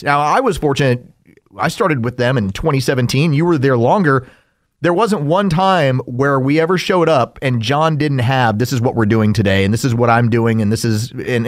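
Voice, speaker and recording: A man's voice: medium pitch, dry recording, studio quality. A man co-hosting a casual podcast, talking in an earnest, reflective way and often repeating a word as he starts a sentence. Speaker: podcast co-host and sports radio host.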